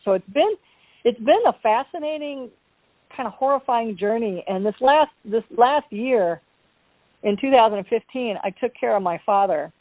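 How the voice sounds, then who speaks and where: A woman guest in an interview, telling her personal story in an animated, wry way and acting out the voices of people in it. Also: medium pitch, no room sound. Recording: dry, tinny phone-line sound.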